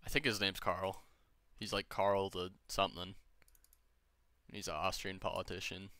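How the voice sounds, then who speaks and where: A man's voice: low-pitched, level tone, normal speed, pushed and bright, no echo. A young man chatting casually with friends while gaming, rambling, joking and swearing freely. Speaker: gamer streaming with friends.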